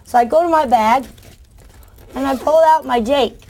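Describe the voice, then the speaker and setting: Animated woman telling stories to a crowd. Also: high-pitched, normal speed. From United States. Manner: animated, acts out voices of kids and adults. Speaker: children's book author giving a talk. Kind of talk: lively storytelling speech to an audience.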